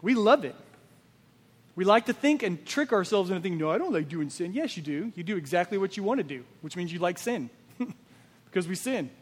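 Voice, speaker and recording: A man's voice: sits high, expressive, fairly quick, long pauses, husky, long reverb tail. A man preaching a sermon as pastor, emphatic and full of rhetorical questions.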